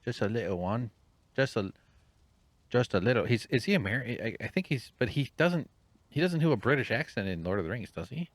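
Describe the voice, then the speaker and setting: A man's voice: medium pitch, animated, fairly quick, no echo. A middle-aged man rambling relaxedly while playing a game, muttering to himself, humming and dropping jokey asides, sometimes into a whisper. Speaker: gaming channel host. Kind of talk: relaxed rambling gameplay commentary.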